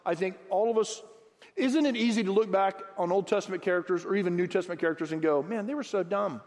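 A man preaching a sermon as pastor, acting out Bible dialogue in lively, animated bursts. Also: high voice, fast talker. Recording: long hall reverb.

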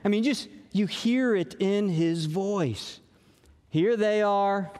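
Male pastor, sermon, high voice, unhurried delivery, long hall reverb. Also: darkish tone. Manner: earnest, conversational preaching with emphatic rises.

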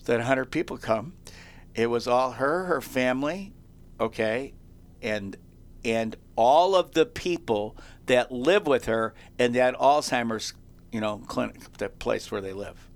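Gravelly man telling upbeat stories. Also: medium pitch, measured pace. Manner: excited, chatty, often restarts and laughs. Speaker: show host. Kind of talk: animated storytelling on a talk show.

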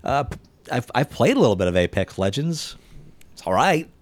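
A man's voice: mid-range voice, sing-song, fairly quick, no room sound. A man co-hosting a casual podcast, chatting loosely and reading news items. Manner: chatty, laughs between lines, swears casually.

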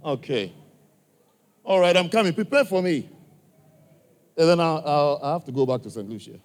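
African-accented guy, bit high voice, talking to a crowd at church, asking folks stuff, coaxing. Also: expressive, normal speed. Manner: coaxing, direct, asks the audience many questions. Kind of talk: live address to a crowd, questioning listeners.

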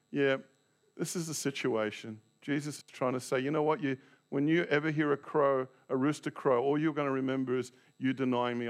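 Aussie pastor guy preaching, dramatic storyteller, acts out the scenes. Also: medium pitch. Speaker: Baptist pastor. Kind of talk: sermon.

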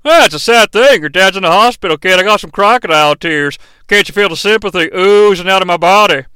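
A man's voice: high-pitched, fairly quick, pushed and bright, clear, resonant tone, no echo. A man putting on the voice of a brash, profane wrestler acting as guest referee, taunting and bragging. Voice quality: brash drawling swagger.

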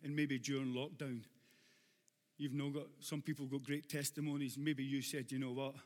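A man with a Glaswegian accent preaching a sermon to a congregation, with humorous asides that build to shouted exhortation. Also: medium pitch, flat delivery, moderate pace, big-room sound. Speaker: pastor.

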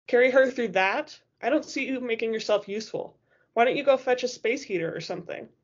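A woman's voice: a little high, brisk, slightly rough. A woman reading the lines of a worried, protective young man who speaks in a tense, clipped way, in a dull lo-fi recording.

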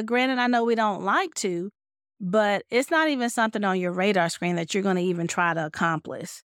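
A woman's voice: medium pitch, clean tone, no echo, clean studio sound. A woman physician speaking candidly about burnout in a conversational talk, now and then acting out her own thoughts. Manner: candid, animated, acts out quoted thoughts.

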